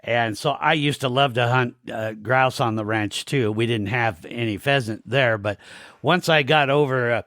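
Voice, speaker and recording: A man from western Montana hosts a podcast and asks his guest questions in a friendly, chatty way. His voice sits at an ordinary middle pitch, and the sound is close and dry. He often repeats a word or two as he restarts a question. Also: moderate pace, a bit bright, no room sound. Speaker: podcast host. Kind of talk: casual interview chat.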